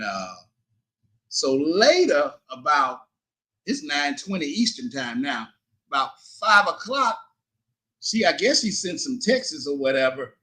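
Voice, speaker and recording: A middle-aged man telling a story on his livestream, animated and indignant, cursing and quoting both sides of an argument. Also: on the high side. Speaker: livestream host.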